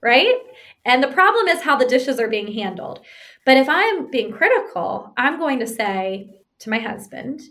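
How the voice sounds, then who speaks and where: A woman with a high voice plays a relationship counselor, giving couples advice at an unhurried, conversational pace. She's animated, acting out example arguments and often checking in with "right?".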